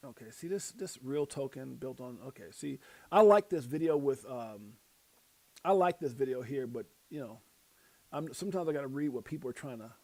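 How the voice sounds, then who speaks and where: A man hosting a live stream, talking loosely with plenty of slang and tangents. He wanders off track, laughs at himself, and reacts out loud to what he reads. His pitch sits in a typical male middle range. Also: animated, normal speed, no echo. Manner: rambling, self-deprecating, slangy. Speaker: livestream host. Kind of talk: casual live stream commentary.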